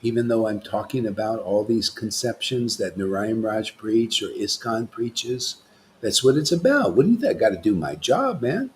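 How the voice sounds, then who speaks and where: A man giving a devotional sermon as a spiritual master, scolding and emphatic, swinging from loud declarations to hushed asides. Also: lowish voice, expressive, normal speed, slight background noise.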